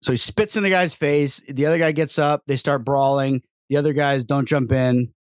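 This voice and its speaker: A man's voice: mid-range voice, steady tone, moderate pace, dry recording. This is a man hosting a casual podcast interview, speaking in an ordinary mid-range voice. He mostly chimes in with brief, joking remarks while his guest talks. The recording is dry and close. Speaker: podcast host.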